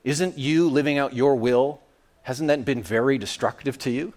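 A man preaching a sermon in an animated, playful way, acting out little scenes and quotes. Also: medium pitch, normal speed.

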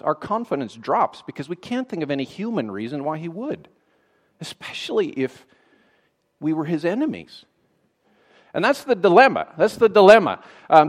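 Guy preaching, chatty sermon, bit of a higher voice, deadpan sarcasm here and there. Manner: conversational, dry sarcastic asides.

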